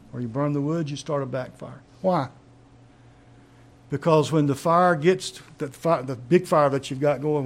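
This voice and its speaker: A man's voice: medium pitch, gravelly. A man preaching a sermon, teaching in an emphatic way and asking rhetorical questions.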